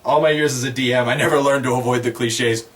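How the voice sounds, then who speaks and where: A man's voice: mid-range voice, quick pace. A man casually recounting a tabletop game session, rambling and chuckling as he tells it. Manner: rambling, chuckling, animated retelling. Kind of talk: casual storytelling.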